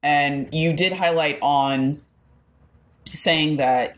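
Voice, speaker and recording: Casting note: low-pitched woman host, reflective and supportive. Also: animated, moderate pace. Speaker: podcast host. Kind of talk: casual interview.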